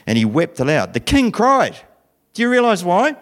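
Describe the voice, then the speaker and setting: Brief: playful New presenter, very lively pitch, retelling a Bible story for children. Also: male voice, normal speed. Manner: animated, playful, asks questions.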